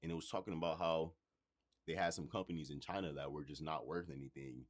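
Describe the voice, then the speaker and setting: Male streamer host with a very deep voice, loose and conversational, swears freely. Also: steady tone, quick pace. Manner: loose, profane, conversational, addresses chat directly. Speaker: livestream host. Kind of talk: casual livestream monologue.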